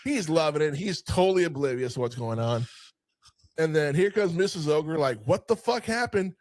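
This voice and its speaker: Male podcast host, higher voice, dry close mic, animated swearing film recaps. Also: moderate pace, no echo. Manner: animated retelling, frequent swearing. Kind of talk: casual film review chat.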